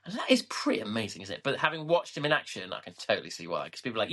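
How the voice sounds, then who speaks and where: A man's voice: lowish voice, big pitch swings, racing, a bit bright. A man co-hosting a podcast, telling stories in a rambling, hesitant way full of fillers and restarts. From family from Scotland. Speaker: podcast co-host. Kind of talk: casual chat.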